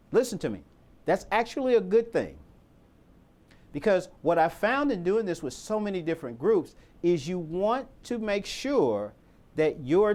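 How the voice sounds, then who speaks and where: A man leads a training session for volunteers. His fairly high voice swings widely in pitch as he stresses each point. He poses rhetorical questions and repeats himself for emphasis. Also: a little mellow.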